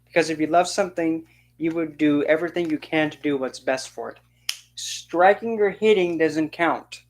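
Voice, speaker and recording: A fired-up vlogger ranting in an indignant, sarcastic tone, voice pitched in the middle range. The speaker jumps between a frank, steady delivery and mocking little impressions of the people being criticized. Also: moderate pace, slight background noise. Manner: indignant, sarcastic, mocks others in quoted voices. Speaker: occult channel host. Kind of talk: ranting opinion monologue.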